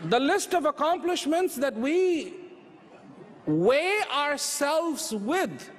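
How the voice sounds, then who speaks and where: A man giving an inspirational talk on inner peace, slow and reflective, repeating phrases for emphasis. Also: extremely high pitch, very animated, slight background noise. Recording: hall reverb with faint ambience.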